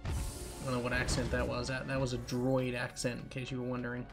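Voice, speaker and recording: A man's voice: medium pitch, monotone, quick pace, music in the background. A young man giving casual, rambling, joking commentary over a video game playthrough. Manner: rambling, joking, self-interrupting. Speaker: gaming channel host. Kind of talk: casual let's play commentary.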